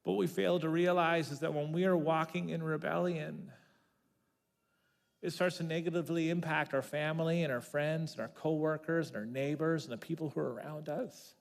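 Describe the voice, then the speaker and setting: A man pastor preaching a sermon, telling the story in an animated way and repeating words as he builds. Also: a little high, moderate pace, gravelly. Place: church sanctuary. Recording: long reverb of a church hall.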